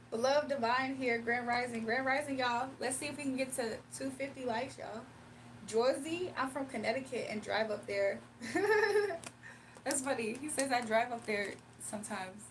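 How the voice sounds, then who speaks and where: A woman's voice: fairly high pitch, a bit bright. A woman hosting a casual livestream. She speaks, laughing often and reading viewers' chat messages aloud. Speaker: livestream host doing readings. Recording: a bit distant from the mic, faint room noise.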